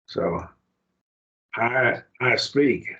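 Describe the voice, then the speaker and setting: A man's voice: medium pitch, animated, drawn-out words, bright, forceful tone, highs cut off. A man teaching a Greek grammar class, explaining patiently and often checking that students follow.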